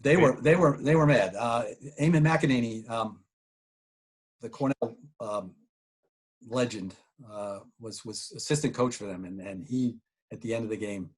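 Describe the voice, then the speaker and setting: A man in his sixties, a former college lacrosse player, reminiscing with many restarts and trailing off quietly. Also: mid-range voice, normal speed, slightly rough. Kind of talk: casual reminiscing.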